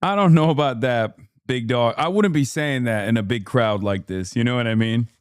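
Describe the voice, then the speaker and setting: A man from the United States hosts a livestream, reacting to the news with an offhand, sarcastic edge. His voice is smooth and clean, recorded close and dry with no room sound. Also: medium pitch, moderate pace, no echo. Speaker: livestream host and political commentator. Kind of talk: casual livestream commentary.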